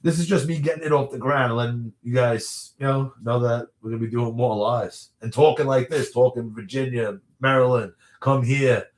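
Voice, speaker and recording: A man in his thirties chats loosely through a phone livestream, answering viewer questions in a rambling way. He laughs often as he talks. His voice sits at an ordinary pitch and carries the hollow ring of a roomy space. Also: steady tone, moderate pace, few pauses. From New York area. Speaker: livestream host.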